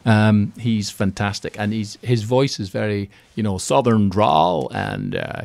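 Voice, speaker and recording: A man talking as a guest in a radio interview, chatty and animated, acting out little quotes as he goes. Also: fairly low pitch, normal speed, gravelly, hardly any pauses, dry recording. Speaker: radio guest, keynote speaker on property finance. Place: radio studio.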